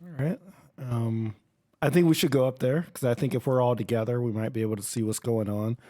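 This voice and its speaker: A mid-pitched man talks casually at a tabletop role-playing session. His sentences wander, and he sometimes stammers and repeats words. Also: steady tone, brisk, warm tone. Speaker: tabletop game player. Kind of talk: casual in-character chat.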